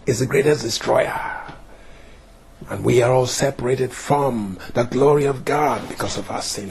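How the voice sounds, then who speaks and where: A man's voice: medium pitch, gravelly, slight background noise. A male preacher giving an emphatic sermon with dramatic storytelling.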